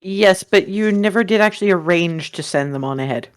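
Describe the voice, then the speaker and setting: A woman running a tabletop game as game master, lively and quick to laugh. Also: lowish voice. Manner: lively, laughing, corrects players.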